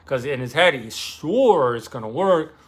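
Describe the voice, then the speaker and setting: A man casually retelling a novel on his vlog, loose and animated, with lots of fillers and swearing. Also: medium pitch, a little slow, husky. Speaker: book vlogger.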